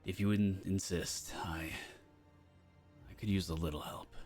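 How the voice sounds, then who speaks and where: Man voicing a weary wounded wanderer, quiet, halting, low voice. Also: fairly even intonation, soft background music.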